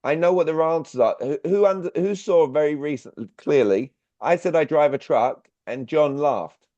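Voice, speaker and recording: A man's voice: on the high side, moderate pace, warm tone, no echo. Man teaching sales on a dull call. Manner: direct, drilling questions at listeners. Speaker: workshop speaker. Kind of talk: online sales workshop talk. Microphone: video call. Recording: dull, dry video-call audio.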